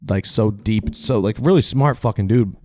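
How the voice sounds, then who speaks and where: A man's voice: lowish voice, normal speed, a little mellow, dry recording. A man talking as a podcast guest in casual chat, rambling through profane, self-deprecating stories.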